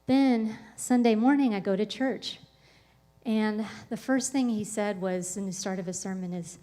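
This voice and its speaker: A woman's voice: mid-range voice, measured pace, mellow. A woman speaking on a podcast, telling a personal story in a casual, rambling way with lots of "like" and "um". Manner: rambling, full of "like" and "um" fillers.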